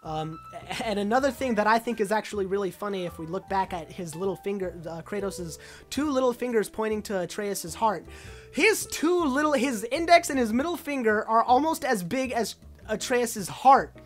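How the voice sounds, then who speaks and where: A woman breaks down a game trailer in loose, chatty commentary. She sounds keen and a bit scattered, sprinkling fillers through her sentences. Her voice sits at an ordinary middle pitch with soft music faintly underneath. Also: normal speed. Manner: excited, rambling, many "uh" and "like" fillers. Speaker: video game trailer analyst. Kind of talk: casual commentary over a trailer.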